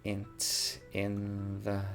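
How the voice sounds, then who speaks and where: A man's voice: fairly low pitch, completely flat delivery, very slow, gravelly, soft background music. A man thinking aloud as he plays a word puzzle game, musing and muttering words over to himself at a desk mic. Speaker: gaming YouTuber.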